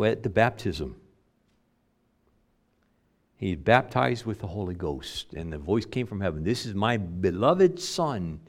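Man preaching with big dynamic swings. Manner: preaching with big swings between loud emphasis and soft, low asides. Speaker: pastor. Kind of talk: sermon.

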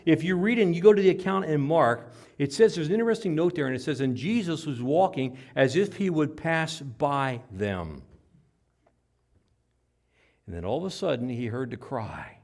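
A man preaching a sermon, telling the story dramatically and acting out cries, whispers and shouts. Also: mid-range voice, expressive, fairly quick, gravelly. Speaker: pastor.

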